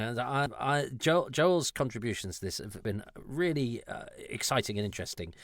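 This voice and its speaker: A man's voice: medium pitch, expressive, normal speed, few pauses, no room sound, clean studio sound. A man hosting a podcast, talking in a rambling, self-interrupting, candid and reflective way. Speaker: podcast host. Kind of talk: casual conversational podcast discussion.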